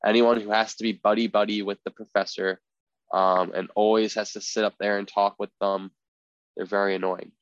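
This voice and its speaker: A young man with a lowish voice talks through a casual podcast segment, rambling and leaning on filler words. The recording is dry and a little dull. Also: flat delivery, normal speed, no echo. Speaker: podcast co-host.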